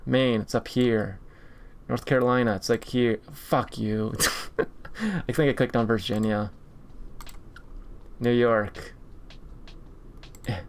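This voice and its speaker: Casual streamer, man, gravelly mid-pitched voice, swears when annoyed, faint music behind. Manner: frustrated, swearing, talking to himself while playing. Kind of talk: casual gaming stream commentary.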